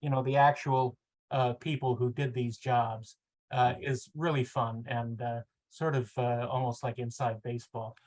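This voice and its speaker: A man hosting a podcast who chats casually and reads narration from a book. His narration is steady, and his chat is full of fillers. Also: medium pitch, a little slow, poor audio. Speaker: podcast host. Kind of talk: casual chat and reading aloud.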